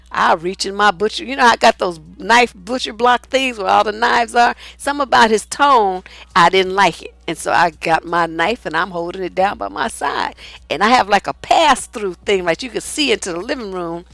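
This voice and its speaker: Middle-aged woman relationship coach, blunt and profane storyteller, slightly high voice, dry close recording. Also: vocal fry, a bit bright, no room sound. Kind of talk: casual storytelling monologue.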